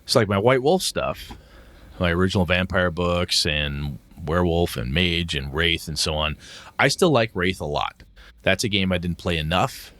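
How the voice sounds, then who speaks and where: A man's voice: sits low, normal speed, fairly bright tone, no room sound. A middle-aged man co-hosting a podcast in casual chat, blunt and emotional, swearing freely. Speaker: podcast co-host.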